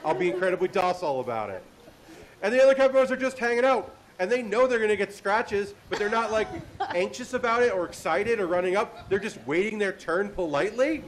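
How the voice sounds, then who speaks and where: Man, comedy show host, fairly high voice, animated, laughing, convention stage mic. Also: fairly quick. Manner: animated, laughing, self-deprecating. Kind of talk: live comedy panel hosting. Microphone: handheld or stand mic.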